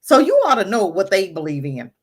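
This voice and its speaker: A woman co-hosting an online talk radio show, reacting to a clip with animated, emphatic indignation. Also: medium pitch, brisk, noisy background. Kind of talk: casual opinion talk, commenting on a played clip.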